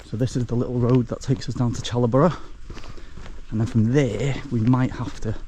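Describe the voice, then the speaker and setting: A man's voice: mid-range voice, fairly even intonation, a little fast, mellow. A man talking casually to his viewers while walking outdoors, with a chatty manner and a habit of calling them folks. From Wales. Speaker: travel vlogger. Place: outdoors on coastal paths and village lanes. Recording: outdoor camera audio with clear background noise.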